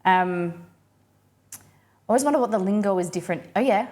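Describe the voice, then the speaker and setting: A woman's voice: mid-range voice, a little fast, pauses often, a little mellow. Chatty Australian woman hosting a live stream. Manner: rambling, chatty, many restarts and fillers; acts out quoted phrases in playful voices. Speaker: livestream host. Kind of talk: casual chat reading viewer comments.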